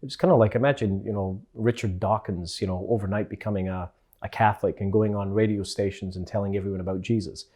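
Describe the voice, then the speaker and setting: Man, scottish accent, parish priest, casual reflection, chatty, playful asides, lowish voice. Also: fairly even intonation, fast, mellow. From Scotland.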